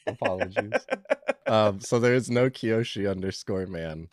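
A man's voice: fairly low pitch, sing-song, normal speed, creaky, no echo, studio quality. A man co-hosting a podcast in casual chat, teasing and telling stories in a laid-back way. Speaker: podcast co-host.

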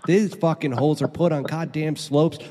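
A man's voice: a little high, steady tone, normal speed, warm tone. A man hosting a podcast, ranting with heavy swearing in casual chat. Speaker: podcast host. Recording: long reverb.

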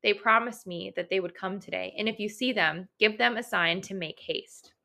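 Bright, crisp-toned woman; expressive reader and giggly co-host. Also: mid-range voice, moderate pace. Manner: expressive, laughs often. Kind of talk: reading aloud and casual book chat.

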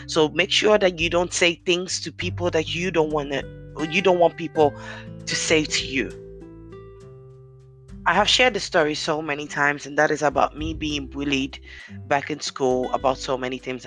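A podcast host with a deep, commanding, fairly bright voice gives an earnest, encouraging motivational talk, speaking straight to listeners.

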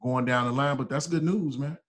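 A man's voice: mid-range voice, a little fast, fairly bright tone. A man hosting a casual group chat, laid-back and joking, often repeating himself. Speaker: podcast host.

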